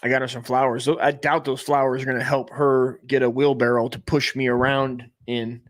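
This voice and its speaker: A man's voice: medium pitch, little pitch movement, a little fast, no echo. A man in his forties doing a crude, rambling comedic monologue, trailing off and restarting as he goes. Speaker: comedy podcast host.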